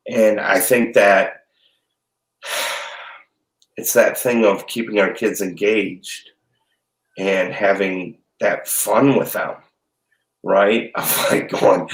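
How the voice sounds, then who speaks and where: A middle-aged dad and chef guest chats casually from his home kitchen in a lowish voice, speaking very slowly with frequent pauses. The rough recording echoes around the room as he rambles through jokey, animated stories.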